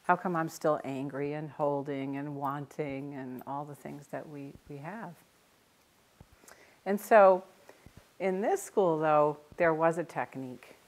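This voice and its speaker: An older woman, a Zen teacher, giving a conversational dharma talk in a meditation center, telling stories with gentle self-mocking humor. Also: deep voice, slow pace.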